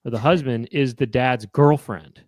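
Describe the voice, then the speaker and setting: A man's voice: medium pitch, moderate pace, no echo, clean studio sound. A man co-hosting a casual comedic chat show, riffing playfully and now and then slipping into mock voices. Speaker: co-host.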